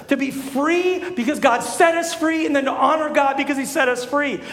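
A young man preaching a sermon as a pastor, telling stories with animated energy and rising to shouts. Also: very high-pitched. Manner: animated storytelling, rises to shouts. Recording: echoey hall.

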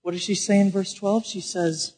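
Guy preaching, husky and kinda high, goes from loud questions to quiet explaining. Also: steady tone, moderate pace. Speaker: pastor. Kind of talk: sermon.

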